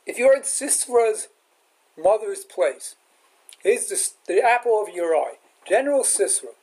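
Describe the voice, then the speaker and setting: Animated man telling a sermon story. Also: high voice, a little slow, husky, rough recording. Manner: animated storyteller acting out quotes. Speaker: rabbi teacher.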